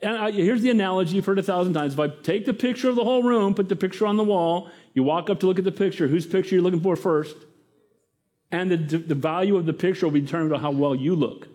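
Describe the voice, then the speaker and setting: Pastor, male, fairly high voice; preaches with energy and keeps asking the congregation questions. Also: fast. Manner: lively, talks to the congregation with questions. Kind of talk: sermon.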